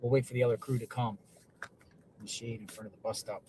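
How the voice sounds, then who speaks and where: A man's voice: medium pitch, level tone, quick pace. A man from Florida hosting a casual livestream, talking outdoors by a city street with a chatty, encouraging manner. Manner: chatty, encouraging, thinks aloud. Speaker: livestream host. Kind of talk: casual live chat. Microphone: phone livestream. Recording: noisy outdoor phone recording.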